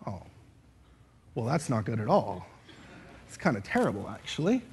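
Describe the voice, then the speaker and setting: A man's voice: mid-range voice, very animated, moderate pace, darkish tone, slight background noise. A man speaking on stage to a live audience, leading a playful speaking exercise and acting out different ways of saying lines. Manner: playful, demonstrative, shifts voice to show expression. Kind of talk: interactive stage talk.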